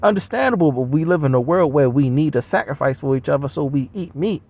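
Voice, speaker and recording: A man's voice: on the high side, animated, fast talker, darkish tone. A man delivering a blunt, heavily profane, scoffing solo rant. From United States.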